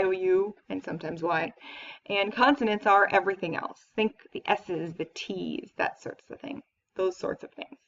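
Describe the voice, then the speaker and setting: Female professor, conversational lecture, picked up from afar on a muffled recording. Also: mid-range voice. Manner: explanatory, conversational, with fillers. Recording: dull, distant lecture recording.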